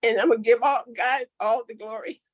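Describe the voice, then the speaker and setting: A woman's voice: a little high, fairly even intonation, fairly quick, dry recording. A middle-aged woman giving an earnest, heartfelt testimonial on a call, with many fillers and restarts. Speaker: network marketing member sharing her story.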